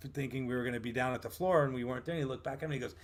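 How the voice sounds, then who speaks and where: Animated New man telling a story. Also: medium pitch, rapid-fire. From Vermont, USA. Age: 50s. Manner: animated, acts out what others said. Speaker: guest actor and writer. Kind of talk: storytelling in a casual interview.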